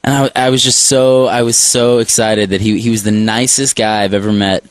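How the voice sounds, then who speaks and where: A man's voice: fairly low pitch, steady tone, normal speed, slight background noise. A man in his twenties, a singer guest telling a rambling story in a radio studio, full of likes and restarts. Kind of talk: casual radio interview chat.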